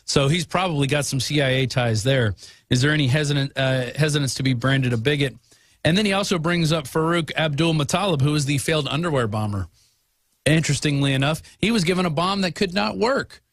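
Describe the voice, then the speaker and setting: Guy hosting talk radio, argues fast with lots of uh's, dry close mic. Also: a little high, no room sound. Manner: argumentative, rapid asides, frequent fillers. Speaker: radio talk show host. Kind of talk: political talk radio monologue.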